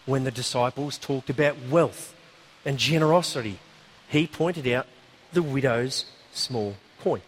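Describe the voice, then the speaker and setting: At a measured pace, this mid-range male voice delivers a sermon built around a story, told in a chatty, animated style full of asides.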